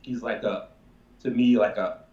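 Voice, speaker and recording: Animated man. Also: on the low side, unhurried, reverberant, recorded from a distance, highs cut off, crowd noise. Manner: animated, emphatic, swears casually. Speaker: chiropractor guest. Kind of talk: casual storytelling on a live show.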